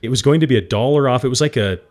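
A man's voice: medium pitch, very fast, darkish tone. A middle-aged man as an interview guest, telling a personal story candidly, emotional at times and laughing often. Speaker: entrepreneur guest.

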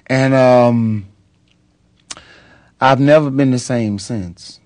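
A man who is a pastor and singer, telling his story in an interview with many hesitant pauses and heartfelt outbursts. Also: mid-range voice, no room sound. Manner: animated testimony full of hesitations.

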